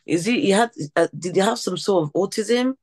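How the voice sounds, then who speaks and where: A woman's voice: mid-range voice, a little fast, a little mellow. A woman who works as a teacher, hosting a podcast interview, enthusiastic and often restarting her sentences. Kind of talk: conversational interview.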